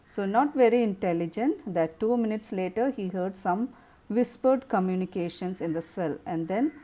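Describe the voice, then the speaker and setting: In a mid-range, dark-toned voice with lively intonation and a moderate pace, a female English teacher reads a text aloud. She then goes through it line by line, explaining it in plain language.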